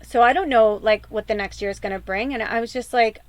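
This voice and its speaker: A woman's voice: a little high, fairly quick, no room sound. A woman podcast host and medium venting in a raw, tearful personal monologue, swearing often.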